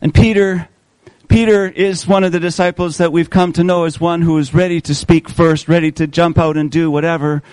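Fairly high-voiced male preacher, close and dry. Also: flat delivery, darkish tone, smooth, no echo, rough recording. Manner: asks the congregation questions, slows for emphasis. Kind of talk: sermon.

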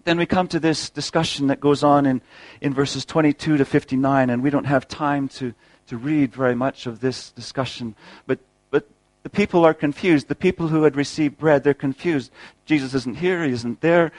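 A man's voice: medium pitch, no echo, low-quality recording. A man preaching a sermon, earnest and explanatory, posing rhetorical questions and often repeating words as he goes.

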